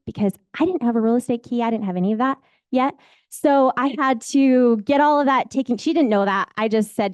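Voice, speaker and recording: A woman's voice: sits high, a little fast, dry recording. A woman, a real estate agent telling her own story in a candid, rambling, emotional way. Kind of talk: personal storytelling.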